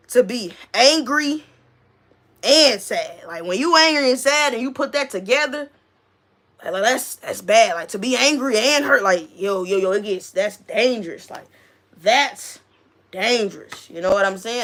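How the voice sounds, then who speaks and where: This is a woman chatting casually on her own livestream, answering comments as they come in. Her voice is bright and pitched somewhat high. Her delivery is animated and full of slang, and she laughs easily between remarks. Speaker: livestream host; school staff member.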